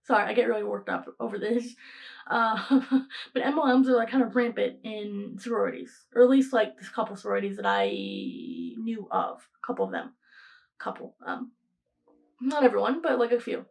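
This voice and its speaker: A woman's voice: mid-range voice, lively intonation, normal speed, vocal fry, rough recording. A young woman hosting a casual solo podcast, rambling with lots of restarts and frequent laughter. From Greek heritage, raised in the United States. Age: young adult. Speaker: podcast host.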